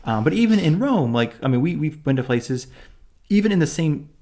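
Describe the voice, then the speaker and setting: A man's voice: a little high, sing-song, fairly quick, warm tone. A young man co-hosting a casual chat, rambling with many restarts and fillers. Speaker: podcast co-host.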